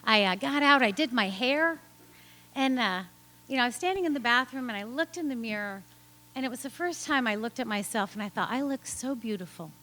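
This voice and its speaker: Bright-voiced woman telling a lively story. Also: a little high, fairly quick. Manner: animated, laughing often, acting out quoted voices. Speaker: storyteller at a live story slam. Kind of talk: live personal storytelling.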